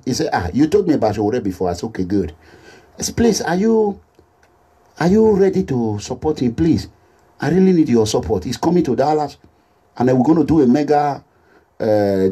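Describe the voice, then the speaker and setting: A man with a Nigerian accent making an impassioned social media appeal as a political activist, animated and repetitive, slipping into Pidgin English. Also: medium pitch, slightly rough. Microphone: phone or camera selfie video.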